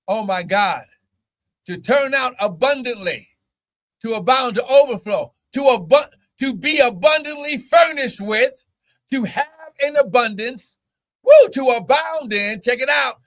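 A pastor preaching a fervent sermon, shouting scripture and breaking into exclamations between verses. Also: male voice, very high-pitched.

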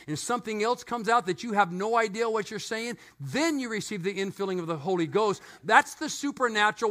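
Middle-aged male pastor, high and bright voice, animated storytelling sermon with playful asides.

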